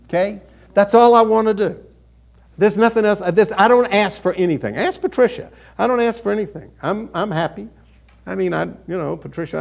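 A male pastor, older, preaching a conversational sermon and telling a personal story with lively, animated delivery. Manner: animated, conversational storytelling with a wide swing of pitch.

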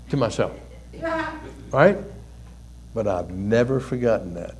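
An older man, a pastor and counselor, giving a conversational sermon with folksy stories and soft chuckles. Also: on the low side, lively intonation, a little slow, slight background noise.

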